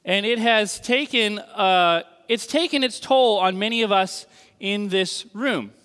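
A man delivering a sermon in a long-echoing hall. His voice sits high and sounds bright and forward. He talks conversationally, often pausing to ask the room "okay?". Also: smooth. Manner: conversational, checks in with the audience with frequent "okay?". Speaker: pastor. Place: church hall with an audience. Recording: reverberant hall.

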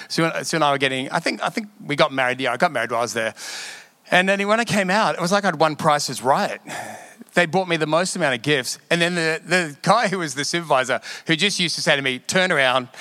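Bright-voiced pastor preaching with gusto. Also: male voice, a little high, no room sound. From Australia. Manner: storytelling, laughing often, animated emphasis. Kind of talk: sermon.

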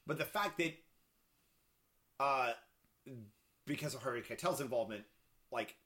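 A man co-hosting a casual podcast chat about films, talking in halting bursts full of fillers and restarts. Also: medium pitch, bright, forceful tone. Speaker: podcast co-host. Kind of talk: casual film discussion.

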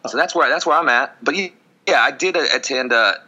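Hoarse sarcastic man, bright voice. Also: on the high side, fairly quick. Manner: sarcastic, rambling, breaks into sung jingles. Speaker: podcast co-host. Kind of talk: casual joking chat.

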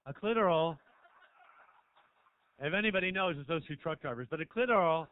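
A man doing a stand-up set in a small club, teasing the crowd, swinging between low mutters and loud shouts. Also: expressive, quick pace. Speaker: stand-up comedian. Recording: dry, tinny phone-like sound.

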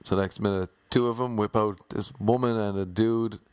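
A man's voice: fairly low pitch, normal speed, clean tone, no echo. A man telling a comic anecdote, acting out the voices of the people in it and swearing casually. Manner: lively, acts out the voices in his story; swears casually, self-mocking. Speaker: storyteller.

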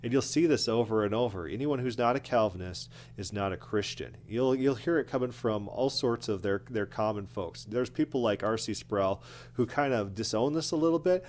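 A man's voice: mid-range voice, moderate pace, a little mellow, slight background noise. A man delivering combative, scornful commentary, often repeating words as he rants. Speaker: commentary video host. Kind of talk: opinionated commentary.

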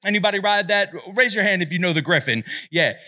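Man in his late 30s, youth pastor, bright voice, slightly high, loud and playful. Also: fast. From Italian-American. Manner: loud, playful and animated with the crowd. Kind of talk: youth retreat sermon. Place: retreat hall before a live audience.

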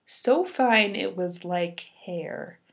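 A woman's voice: lowish voice, lively intonation, drawn-out words, a little hiss or hum. A young woman reading a fairy tale aloud, breaking off for playful, giggly asides. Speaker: podcast host. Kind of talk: storytelling with casual commentary.

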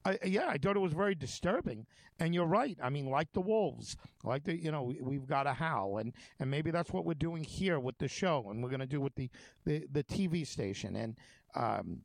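A man's voice: a little high, expressive, normal speed, creaky, dry recording. A man hosting a talk show, telling stories in a rambling, conversational way with many fillers and restarts. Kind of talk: casual conversation.

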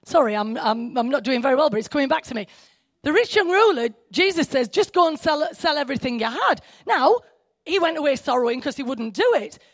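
A woman preaching a sermon, excitable and full of asides and self-interruptions. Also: high voice, fairly quick, no room sound.

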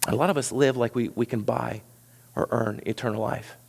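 A man preaching a sermon as pastor, animated, swinging from loud high peaks to quiet low asides. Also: brisk, vocal fry, long reverb tail.

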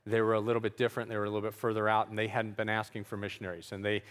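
A man with a somewhat low voice recounts his missionary journeys in a relaxed storytelling talk. His delivery is conversational, dotted with fillers and light chuckles. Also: racing, long reverb tail.

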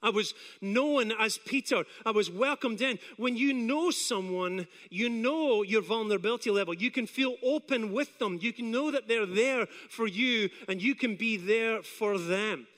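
High-pitched Scottish man preaching in a hall. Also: measured pace, few pauses. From Scotland. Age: 40s. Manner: animated, self-deprecating storyteller who acts out his own inner doubts. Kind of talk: storytelling sermon.

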